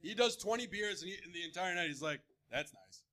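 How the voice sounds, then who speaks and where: A man's voice: high voice, fast talker, bright, forceful tone. A man co-hosting a live podcast, rambling through jokes and swearing casually. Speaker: podcast co-host.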